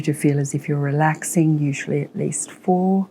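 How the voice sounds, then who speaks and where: A woman health professional calmly guiding a patient through breathing exercises with encouraging instructions. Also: low voice, normal speed, a little hiss or hum. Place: clinic room.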